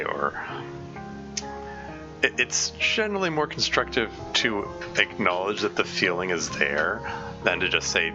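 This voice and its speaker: A man's voice: low-pitched, animated, measured pace. A man narrating a game and giving casual, self-deprecating developer commentary, with frequent stammered restarts. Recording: dull lo-fi sound with music behind.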